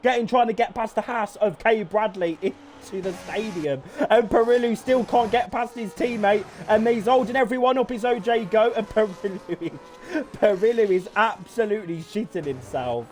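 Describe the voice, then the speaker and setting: Excitable high-voiced man calling a race. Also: normal speed. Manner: excitable, swearing, laughing in disbelief. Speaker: race commentator. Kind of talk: live sim racing commentary.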